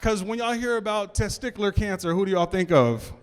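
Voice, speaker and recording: The comedian's voice sits high and smooth, and he speaks fairly quickly during his club stand-up set. His patter is loose, with stammering restarts and asides directed at the live crowd.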